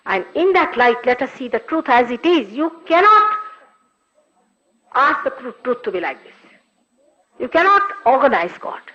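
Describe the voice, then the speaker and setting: A woman's voice: high voice, sing-song, normal speed, long pauses, sharp tone, a little hiss or hum. An older woman, a spiritual teacher, giving a recorded talk with emphatic, scolding rhetorical questions. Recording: dull lo-fi archive recording.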